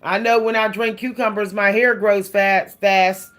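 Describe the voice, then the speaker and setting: A woman's voice: medium pitch, fairly even intonation, a little slow, noisy background. A woman vlogging about hair care in a casual, chatty way, laughing often and calling her viewers "y'all.". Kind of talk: casual chat to camera.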